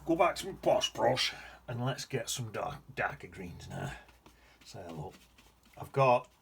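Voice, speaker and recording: A man's voice: medium pitch, lively intonation, a little slow, vocal fry, fairly bright tone, slight background noise. A man giving a casual watercolour painting demonstration, rambling along with muttered asides to himself. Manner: chatty, rambling self-talk with muttered asides. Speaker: painting teacher.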